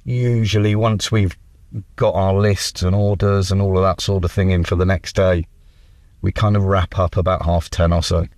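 Low-voiced man chatting at a distance. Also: normal speed, dry recording, studio quality. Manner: chatty, relaxed, frequent ums. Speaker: club kitchen staff being interviewed. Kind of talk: casual interview chat.

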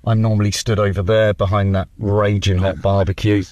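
A man with a very low voice chats easily about his working day, filling pauses with ums. He sounds picked up from a distance, and the sound is dry. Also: no echo, lo-fi sound. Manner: chatty, relaxed, frequent ums. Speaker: club kitchen staff being interviewed. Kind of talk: casual interview chat.

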